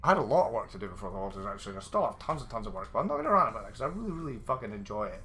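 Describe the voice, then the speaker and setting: A man chats casually with his viewers while streaming a game, swearing freely and drifting into rambling rants. His voice swoops up and down with plenty of life and has a bright, forceful edge. Faint music plays behind him. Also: medium pitch, big pitch swings, very fast. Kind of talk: casual live-stream chat while gaming.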